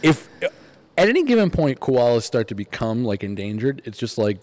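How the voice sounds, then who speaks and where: A man's voice: mid-range voice, sing-song, moderate pace, darkish tone. A man co-hosting a casual podcast, blunt and profane, joking rants. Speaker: podcast co-host. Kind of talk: casual chat.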